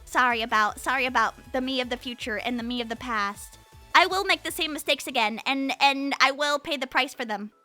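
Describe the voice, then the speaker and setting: A woman streamer chatting casually with her viewers, energetic and rambling, often restarting her sentences, on a compressed studio mic. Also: high voice, a little fast, soft background music. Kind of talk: casual live-stream chat.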